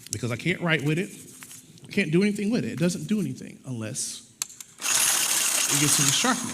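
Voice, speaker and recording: A man preaching a conversational sermon with props, talking in a folksy way and acting out little dialogues. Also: sits high. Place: church sanctuary. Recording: long hall reverb, faint noise.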